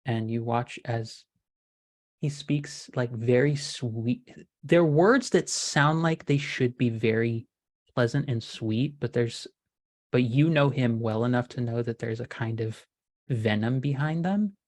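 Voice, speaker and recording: A woman narrating a tabletop role-playing game as game master, describing scenes in a measured, descriptive way. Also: rumbling low, darkish tone.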